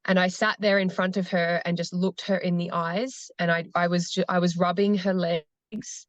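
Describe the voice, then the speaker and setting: A woman who facilitates cacao ceremonies, speaking slowly and earnestly as a guest on a podcast. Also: lowish voice, level tone, dry recording, muffled recording. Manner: slow, earnest storytelling. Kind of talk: podcast conversation.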